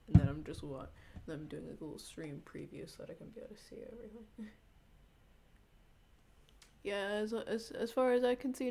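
A young woman with a lowish, gravelly, somewhat dark voice chats to viewers during a casual live stream. She rambles, giggles often and swears a lot.

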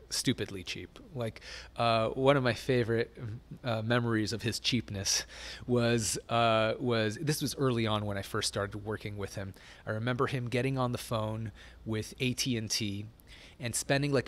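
A middle-aged man talks in a relaxed, rambling way as an interview guest, full of "like" and "um" and often breaking into a laugh. His voice sits in an ordinary male pitch. He sounds casual and candid.

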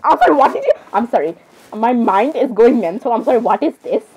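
A woman's voice: on the high side, lively intonation, brisk, darkish tone, slightly rough, poor audio. A teenage girl casually reacting and commenting, rambling and saying sorry over and over with giggles. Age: teens. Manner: chatty, rambling, keeps apologizing with giggles.

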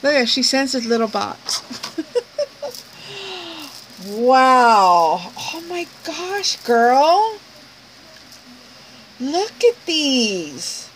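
A woman chats to her viewers while opening a package at home at night, gushing over every item and laughing often. Her voice sits a little high and she talks at an unhurried, drawn-out pace. A faint background hiss runs under the recording. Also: big pitch swings. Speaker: crafts vlogger opening a gift package. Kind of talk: casual unboxing chat to viewers.

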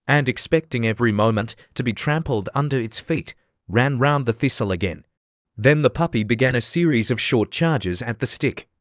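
A man reading a classic children's story aloud as an audiobook narrator, steady and even. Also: medium pitch, dry recording, clean studio sound. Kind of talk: scripted narration.

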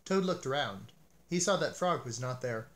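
A man reading a children's picture book aloud as narrator, with an expressive, animated delivery. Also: medium pitch, normal speed.

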